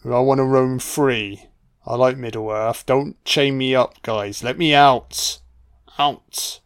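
A restless, fed-up horse pleads to be let loose, its comic whine drawn out slowly in a smooth, clear tone, as a man puts it on. It is dry mockery, barely a change from the man's own speaking voice. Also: mid-range voice, fairly even intonation, dry recording. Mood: pleading. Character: fed-up male horse begging to roam free.

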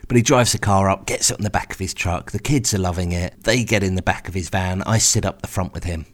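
A man telling a first-person story in a wry, exasperated, animated way. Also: sits low, fast talker. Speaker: podcast storyteller host.

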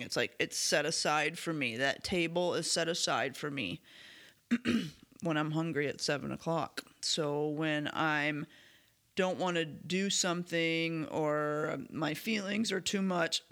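A man hosting a solo podcast about recovery, talking in an earnest, candid and self-reflective way, his voice slightly hoarse as he clears his throat now and then. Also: a little high, bright, forceful tone. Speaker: podcast host.

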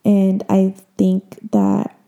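A young woman in her twenties hosts a podcast in a loose, chatty way, full of fillers and open feeling. Her voice sits at a middle pitch but sounds very dark and mellow, with a steady gravelly fry running under her words. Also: extremely slow. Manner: emotional, chatty, many fillers. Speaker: podcast host. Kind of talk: casual chat.

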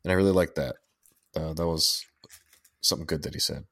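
A man's voice: very deep voice, a little fast, a bit bright, no echo. A man co-hosting a podcast in casual chat, rambling and swearing freely, often restarting his sentences. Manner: rambling, profane, restarts a lot. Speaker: podcast co-host.

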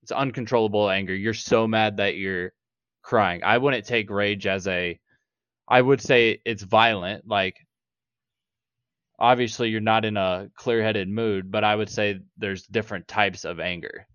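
Male podcast co-host, low, emphatic and insistent, dull dry lo-fi sound. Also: fairly even intonation, unhurried, a bit bright, smooth, no echo. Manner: emphatic, insistent, swears freely. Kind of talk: casual argumentative chat.

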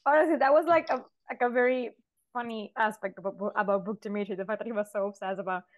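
A woman's voice: mid-range voice, fairly even intonation, quick pace. A woman co-hosting a casual podcast chat, speaking hesitantly with many fillers. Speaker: podcast co-host.

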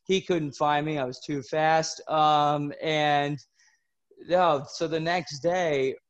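Guy on a hockey podcast spinning a road trip story, kinda high voice, keeps cracking up. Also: takes it slowly, muffled recording. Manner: animated, laughing through his stories. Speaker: podcast host. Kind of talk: casual storytelling.

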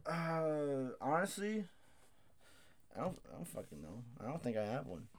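A man's voice: on the high side, very animated, measured pace, very noisy. A man in his twenties co-hosting a casual podcast chat, blunt and swearing, reading out questions. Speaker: podcast co-host.

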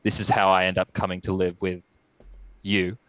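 A young man telling his story as a guest, reflective and halting with many restarts. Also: deep voice, completely flat delivery, a bit bright, no echo, rough recording. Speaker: podcast guest. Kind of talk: casual storytelling.

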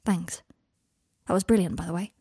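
Woman voicing a sad, hesitant young man, half-whispered, husky and dark, storybook reading. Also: fairly low pitch, steady tone, normal speed, no echo, studio quality. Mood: miserable. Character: miserable young man in his twenties.

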